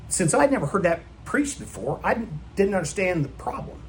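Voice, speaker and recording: A man's voice: high-pitched, very animated, moderate pace, slight background noise. A man preaching a sermon in a church, emphatic and full of rhetorical questions put to the congregation. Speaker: pastor.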